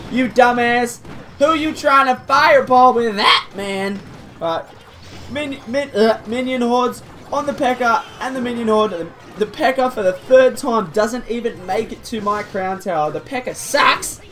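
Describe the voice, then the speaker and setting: A woman giving casual, excitable commentary over a game replay, teasing her opponent and chuckling as she goes. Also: on the high side, slight background noise. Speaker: gaming video host. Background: faint game music.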